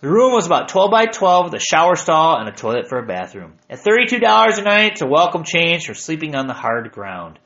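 A man's voice: on the high side, big pitch swings, brisk, hardly any pauses, a bit bright, highs cut off. A man narrating his hiking journal aloud with wry, self-mocking humor.

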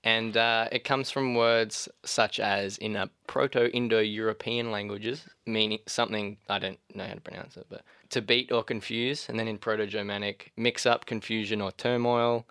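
An Australian man hosting a casual word-origin chat in a studio, explaining etymology and drawling key words slowly. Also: fairly low pitch, little pitch movement, fairly bright tone, clear, resonant tone, dry recording. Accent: Australian English. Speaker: podcast host. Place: small studio. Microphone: studio mic.

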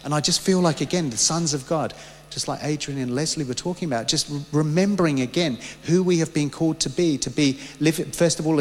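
A man preaching a sermon, fervent and anecdotal, often restarting his sentences. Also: a little high. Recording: long hall reverb.

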